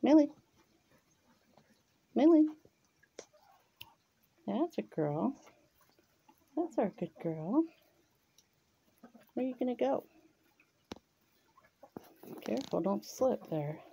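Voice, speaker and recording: A woman outdoors in her chicken yard, cooing at and gently scolding her birds as she films them on a handheld camera. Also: a little high, sing-song, drawn-out words, creaky, pauses often, slightly rough, highs cut off. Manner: coos and scolds her birds softly, often murmuring. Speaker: vlogger tending her chickens. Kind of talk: casual talk to animals.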